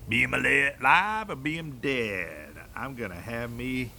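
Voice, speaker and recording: An older man voicing a gruff male giant in a folk tale, chanting slowly and heavily. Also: mid-range voice, lively intonation, bright, forceful tone, a little hiss or hum, full character voice. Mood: menacing. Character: big gruff male giant sniffing out a boy.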